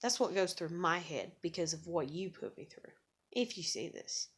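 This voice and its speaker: A woman's voice: on the low side, lively intonation, normal speed, slightly rough. A woman unloads in a raw vlog rant, her talk thick with curses. She is blunt and bitter and stumbles back over her own words as she grows agitated. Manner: heavy swearing, bitter and blunt; repeats and restarts words when agitated. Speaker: vlogger. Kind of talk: angry ranting monologue to camera.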